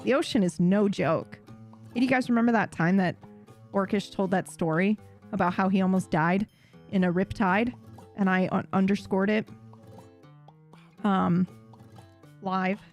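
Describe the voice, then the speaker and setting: A young woman telling a story in a casual, animated way, swearing and acting out voices. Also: a little slow, long pauses, faint music behind. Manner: animated, swearing, acts out voices with high yelps. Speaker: streamer.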